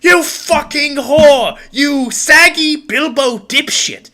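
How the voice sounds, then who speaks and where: A man's voice: slow, sharp tone, exaggerated voice. A man voicing a pompous, foul-mouthed male vampire who screams insults at his wife during a brawl. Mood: furious. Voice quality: shrill, screeching insults.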